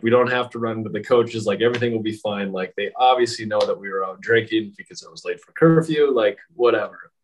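A man's voice: fairly low pitch, low-quality recording. A man telling a story in casual chat, rambling with many fillers and frequent laughs.

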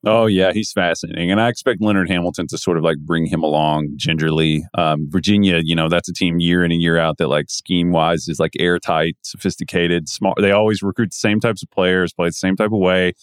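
A man's voice: sits low, fairly even intonation, a little fast, hardly any pauses, clear, resonant tone, no echo, studio quality. A man co-hosting a podcast, talking basketball in a loose, rambling way and laughing easily. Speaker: podcast co-host. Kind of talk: casual basketball chat.

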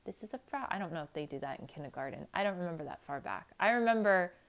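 A woman's voice: fairly low pitch, fast talker. A woman giving a candid personal monologue, blunt and emphatic, swearing casually and acting out quotes as she tells stories. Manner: animated storytelling with acted-out quotes.

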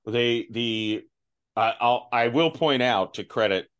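A man's voice: medium pitch, takes it slowly, a bit bright, clean tone. A man hosting a podcast, talking casually and self-deprecatingly, often restarting his sentences. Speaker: podcast host. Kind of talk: casual chat.

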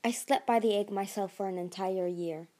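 A woman's voice: medium pitch, normal speed, dark tone, natural voice. Woman voicing a proud, imperious dragon queen. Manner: imperious, dismissive. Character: proud female dragon queen, commanding and stubborn.

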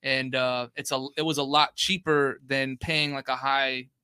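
A man's voice: mid-range voice, flat delivery, unhurried, pushed and bright, smooth, no echo, studio quality. A young man co-hosting a podcast, talking loosely in slang-heavy, rambling casual chat. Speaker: podcast co-host.

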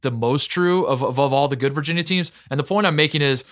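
A man talking casually about college basketball as a podcast co-host, excitable and rambling with many fillers. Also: fairly high pitch, fast talker, no room sound, clean studio sound. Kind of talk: casual sports talk.

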